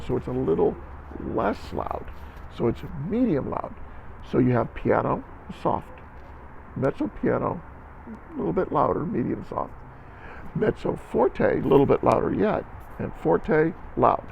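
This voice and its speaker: A man's voice: fairly high pitch, creaky, highs cut off, a little hiss or hum. A man teaching a music lesson to band students, explaining patiently step by step and sounding out syllables to demonstrate.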